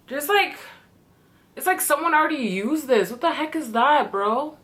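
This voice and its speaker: A young woman in her twenties from Canada talking excitedly through a beauty product first-impression vlog, chatty and swearing casually. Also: high voice, normal speed. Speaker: beauty vlogger.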